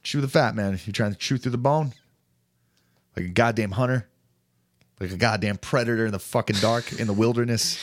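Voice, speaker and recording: A man's voice: fairly low pitch, fairly quick, pauses often. A man co-hosting a casual podcast, swearing freely and joking with his co-host. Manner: profane, jokey, bursts into loud mock voices. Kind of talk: casual banter.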